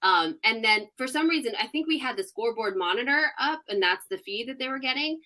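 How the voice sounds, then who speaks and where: A woman in her thirties, a sports reporter, chats as a podcast guest with a bright, forceful tone. She tells her stories with animated energy and laughs often along the way. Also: a little high, fairly quick. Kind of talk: casual podcast interview.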